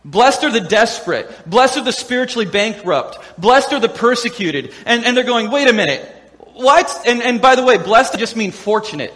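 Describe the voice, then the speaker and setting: Male pastor, high voice, playful animated sermon delivery, long hall reverb. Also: normal speed, hardly any pauses. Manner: animated, acts out quoted voices with humor.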